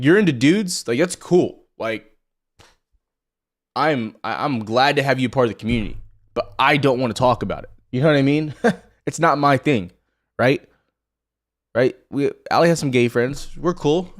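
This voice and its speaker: A man hosting a live market commentary stream in a loose, unscripted way. He rambles, swears freely, and speaks straight to his viewers in a blunt, chatty tone. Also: mid-range voice. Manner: rambling, blunt and profane, addresses viewers directly. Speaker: stock trading livestream host.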